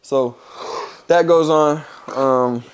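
A young man co-hosting a casual podcast, spinning animated stories. His voice sits a bit high, and he laughs often and swears freely as he talks. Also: very slow. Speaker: podcast co-host. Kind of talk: casual chat.

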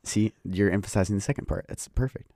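Deep-voiced man, easygoing podcast guest. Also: fast talker, dark tone, dry recording, studio quality. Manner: easygoing, laughs often. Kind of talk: casual podcast chat.

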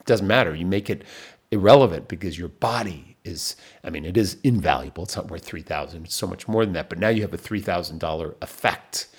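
A man hosting a podcast, coaching listeners through a breathing exercise with insistent energy that drops to soft, near-whispered cues during the holds. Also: sits low, brisk, breathy edge. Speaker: podcast host and wellness coach. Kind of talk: guided breathing instruction.

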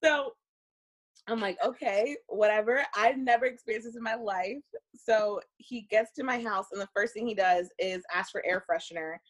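A young woman casually telling a dating story, animated and profane, laughing often. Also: mid-range voice, moderate pace.

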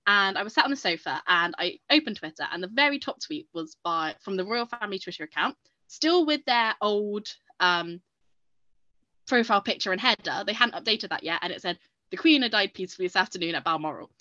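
A woman co-hosting a podcast, chatting casually and telling stories with energy, acting out what she shouted. Her voice is bright and forward. The sound is close and dry, with a slightly muffled, lo-fi tone. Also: medium pitch, fairly quick, dry recording. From England. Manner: animated storytelling, acting out her own shouts. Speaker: podcast co-host. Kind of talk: casual chat.

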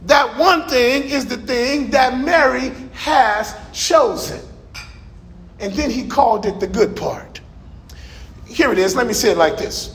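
A middle-aged male pastor preaching a sermon in a church, emphatic and folksy, now and then shouting a stressed word. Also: extremely high pitch, animated, a little slow. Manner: folksy asides to the congregation.

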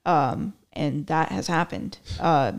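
A woman's voice: low voice, lively intonation, slow pace, vocal fry. A young woman hosting a podcast, chatting casually and telling stories with a sarcastic edge. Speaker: podcast host. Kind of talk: casual chat.

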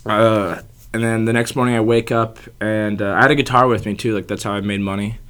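A man's voice: fairly low pitch, level tone, brisk, a bit bright. A young man in his twenties telling a rambling travel story in casual chat, full of "like" and casual swearing. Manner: rambling, fillers like "like" and frequent swearing.

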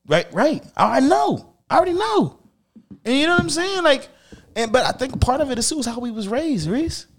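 A middle-aged man hosting a podcast, talking candidly and emphatically with lots of swearing, dropping low and quiet, then rising loud. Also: big pitch swings, normal speed. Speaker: podcast host.

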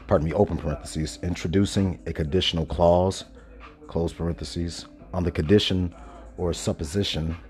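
A man hosting a casual monologue podcast, stoned, talking slowly and loosely with many pauses and self-corrections. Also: sits low, darkish tone. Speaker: podcast host. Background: faint background music.

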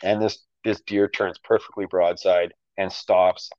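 A man's voice: sits low, little pitch movement, unhurried, darkish tone. A man with a Canadian accent, a podcast guest telling a story casually, full of fillers. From Alberta, Canada. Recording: dull lo-fi audio.

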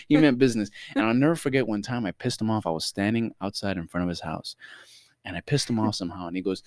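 A man's voice: fairly low pitch, quick pace, darkish tone, no echo. A man co-hosting a casual podcast, telling a story with lots of laughter and swearing. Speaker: podcast co-host.

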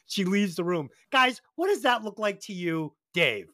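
A man with a high voice hosts a podcast at a moderate pace, the recording dry with clean studio sound. He tells crude, animated stories laced with heavy swearing and reviews an album.

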